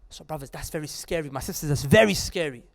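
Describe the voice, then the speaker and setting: A man preaching a lively sermon to a live audience in an Islamic centre, joking with the crowd and addressing it directly. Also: on the high side, quick pace, vocal fry.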